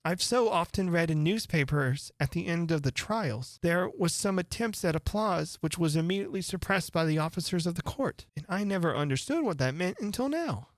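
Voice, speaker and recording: A man's voice: high-pitched, lively intonation, normal speed, few pauses, no room sound, studio quality, pitched above the performer's own voice. A man voicing a curious, polite young girl in a storybook reading. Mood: wondering. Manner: lightly raised girlish voice.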